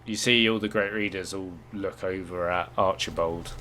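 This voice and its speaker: Game master, low voice. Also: male voice, steady tone, moderate pace, pushed and bright, slight background noise. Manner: casual, filler-heavy narration. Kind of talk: narrating a tabletop game.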